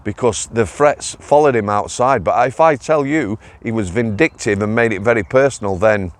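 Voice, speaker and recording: Speaking at a normal pace with a fairly low voice, a middle-aged Englishman from Greater Manchester shares stories from his days as a prison officer. It's a casual storytelling vlog on his own channel, delivered bluntly and chattily with the odd local dialect word in his Northern accent.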